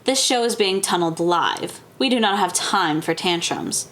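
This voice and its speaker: A woman voicing a gruff, bossy male orc producer giving curt commands. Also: on the low side, lively intonation, normal speed, fairly bright tone. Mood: commanding.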